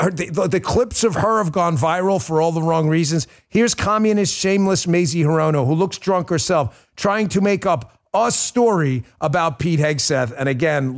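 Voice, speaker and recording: A middle-aged man hosting a political talk show, ranting bluntly and piling up insults in quick emphatic lists. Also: fairly high pitch. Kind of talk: heated political commentary.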